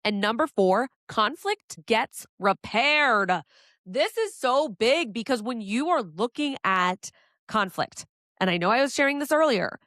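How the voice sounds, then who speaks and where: A woman's voice: a little high, a bit bright, no echo, clean studio sound. A woman hosting a solo relationship advice podcast, talking candidly and conversationally, with the odd casual swear. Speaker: podcast host.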